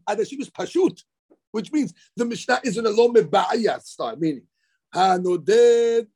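A man's voice: high-pitched, animated, normal speed, a little mellow, husky. A man giving a daily Talmud lecture, explaining animatedly with frequent stammered restarts. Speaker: Talmud teacher.

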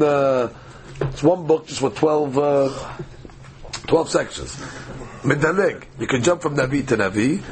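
A man's voice: mid-range voice, a little hiss or hum. Man teaching a daily Talmud class. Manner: reads text aloud and translates phrase by phrase, hesitant fillers.

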